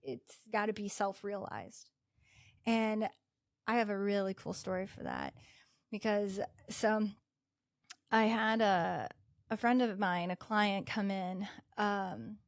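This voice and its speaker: A woman's voice: mid-range voice, animated, takes it slowly, vocal fry, no room sound. Chatty woman yoga instructor, dry sound. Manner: chatty, peppered with "like" and "you know". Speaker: yoga instructor, podcast guest. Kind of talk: casual explanatory chat. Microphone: podcast microphone.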